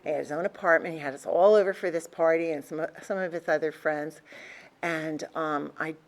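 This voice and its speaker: An older woman telling her life story to a recovery meeting, candid and conversational, with restarts and soft laughs. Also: deep voice, fairly even intonation, brisk. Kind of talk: personal story told to a group.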